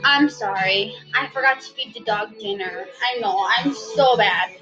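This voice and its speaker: A woman's voice: mid-range voice, measured pace, muffled recording, music in the background. A woman with a Southern American accent chatting casually and ramblingly to her viewers about the songs she plans to sing. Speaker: vlogger singing covers.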